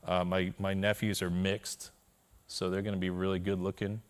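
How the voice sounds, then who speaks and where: Speaking in a low, level voice at a normal pace, this conference speaker from Korea recounts his own story in a keynote. He pokes fun at himself frankly and keeps checking in with the crowd.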